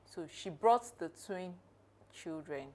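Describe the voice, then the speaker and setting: Low-voiced woman telling a story. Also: animated, takes it slowly, dark tone. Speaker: podcast co-host. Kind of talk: conversational podcast talk, storytelling.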